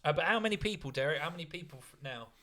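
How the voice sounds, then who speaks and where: A young man with a slightly high voice, co-hosting a comedy podcast. He jokes and rambles and often talks over his partner. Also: animated, racing, pushed and bright. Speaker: podcast co-host. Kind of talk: casual comedy podcast banter.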